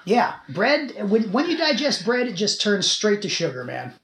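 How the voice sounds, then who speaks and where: A chatty man hosts a podcast, his pitch swinging up and down. He swears casually and rambles. The room around him is echoey. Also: huge pitch swings, moderate pace, fairly bright tone. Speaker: podcast host. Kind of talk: casual chat.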